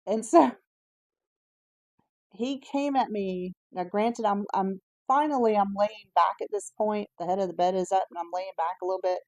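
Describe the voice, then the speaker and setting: A woman vlogger telling a personal story in a candid, casual way, pausing on fillers and correcting herself as she goes. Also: medium pitch, a little mellow, no echo. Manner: chatty, candid, with frequent "um" and self-corrections.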